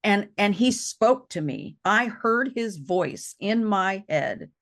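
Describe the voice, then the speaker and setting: A woman talking about losing loved ones, halting and repeating herself as she tells it. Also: mid-range voice, big pitch swings, a bit bright. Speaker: co-host. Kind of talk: emotional personal conversation.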